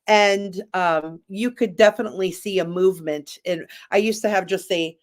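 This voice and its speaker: A man's voice: high-pitched, moderate pace. Rambling, chatty man on a talk show. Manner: chatty, rambling with frequent restarts. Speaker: guest. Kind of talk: candid casual chat.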